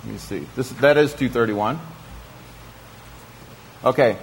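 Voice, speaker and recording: A man's voice: medium pitch, measured pace, creaky, a little hiss or hum. A man giving a sermon to a congregation, reading scripture aloud and often checking in with his listeners through questions. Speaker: congregation teacher.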